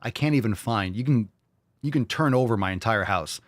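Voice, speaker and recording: A man's voice: lowish voice, animated, a little fast, no room sound. A man hosting a podcast, reacting to clips with mocking, profane, ranting political commentary. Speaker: podcast host.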